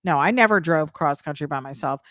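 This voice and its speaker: A woman co-hosting a podcast in casual chat, chatty and quick with interjections. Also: low voice, animated, fairly bright tone, no room sound, studio quality. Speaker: podcast co-host.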